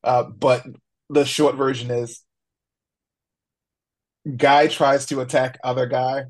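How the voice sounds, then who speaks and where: A man's voice: mid-range voice, little pitch movement, slow pace. A man chatting casually as a podcast guest, laid-back, laughing often and using fillers. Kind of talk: casual chat.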